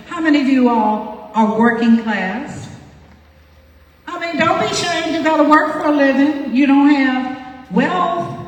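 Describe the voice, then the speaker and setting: A woman's voice: fairly high pitch, darkish tone. A woman giving a seminar talk to a live audience, preachy and often asking the crowd questions. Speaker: seminar speaker. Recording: echoey hall, voice picked up from far off.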